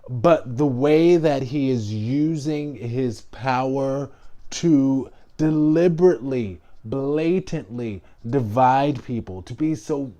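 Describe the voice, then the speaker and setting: A man vlogging casual political commentary, talking in an animated, emphatic way with frequent restarts and asides. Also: mid-range voice.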